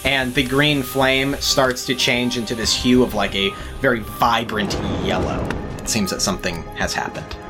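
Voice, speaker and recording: A relaxed man narrates as game master, casual and even-paced. Faint music plays behind him. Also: medium pitch, moderate pace. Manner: casual, laid-back, with laughs.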